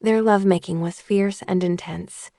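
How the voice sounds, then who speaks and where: A woman narrating an audiobook in a measured, even reading voice. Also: medium pitch, vocal fry, dry recording, studio quality.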